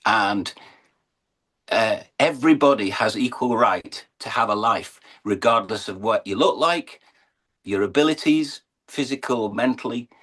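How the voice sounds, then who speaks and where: Earnest husky-voiced English showman. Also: mid-range voice, measured pace, a bit bright. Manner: earnest, emotional, building to uplifting emphasis. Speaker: interview guest, horse and falcon showman. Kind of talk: conversational interview storytelling.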